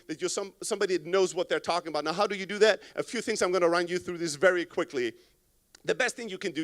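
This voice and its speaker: Man in his 30s, conference keynote, fairly high voice, punchy and profane, acts out phone calls for laughs. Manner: blunt, profane, animated, acts out callers. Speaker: conference speaker. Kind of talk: energetic stage talk. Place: conference stage. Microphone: stage microphone.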